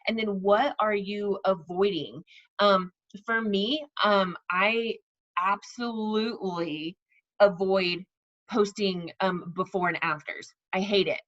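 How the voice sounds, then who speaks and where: A woman's voice: mid-range voice, slow, fairly bright tone. Woman, casual team coaching talk, chatty, repeats points, lo-fi muffled audio. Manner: chatty, repeats herself, acts out sample messages. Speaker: network marketing team leader.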